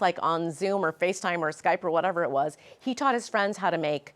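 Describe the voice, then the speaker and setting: Earnest, animated woman author. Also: lowish voice, brisk, few pauses. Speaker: author guest. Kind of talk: casual interview chat.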